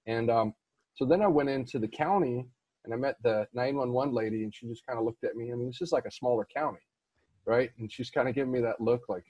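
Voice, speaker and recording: Brief: man, husky voice, dry close sound, rambling storyteller guest. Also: medium pitch, fast, a little mellow, dry recording, dull audio. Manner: rambling with frequent restarts and fillers. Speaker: guest real estate investor. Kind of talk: casual storytelling interview.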